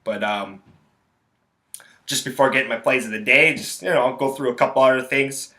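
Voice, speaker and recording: A man's voice: mid-range voice, normal speed, bright, forceful tone. A young man, hosting a solo podcast and telling a rambling, blunt story full of profanity. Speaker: podcast host.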